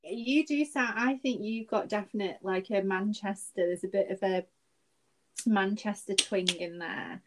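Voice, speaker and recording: A woman's voice: mid-range voice, unhurried, poor audio. A British woman co-hosting a podcast in casual chat, talking in a chatty way and laughing easily. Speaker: podcast co-host. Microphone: remote recording.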